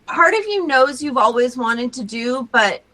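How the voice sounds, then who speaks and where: A woman's voice: high-pitched, expressive, a little slow, pushed and bright, rough recording. A young adult woman hosting a podcast, talking casually and chattily with many fillers. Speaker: podcast host.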